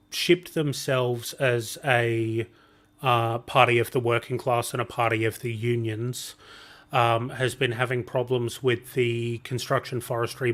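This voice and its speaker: A man calmly explaining context on a livestream, with a few hesitant fillers. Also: mid-range voice.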